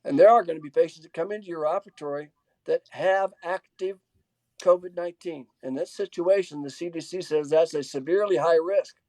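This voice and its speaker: Man, webinar speaker on a video call, mellow and dry, halting, stop-start answers. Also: fairly high pitch, dry recording. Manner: halting, many restarts and fillers, reads out audience questions. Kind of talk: casual Q&A in a webinar.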